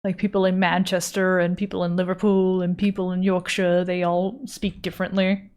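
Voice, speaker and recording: Young adult woman, Dutch accent, native Dutch speaker; relaxed, rambling streamer chatter with the odd swear word. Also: fairly low pitch, moderate pace, clear, resonant tone. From Netherlands. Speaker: art streamer. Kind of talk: casual chat while drawing on a livestream.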